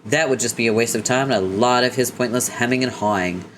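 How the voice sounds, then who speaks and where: A man's voice: mid-range voice, fast, a bit bright, slight background noise, lightly acted. A man voicing a brash, arrogant teenage troll girl who talks bluntly and bosses others around. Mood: bossy. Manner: bossy, blunt.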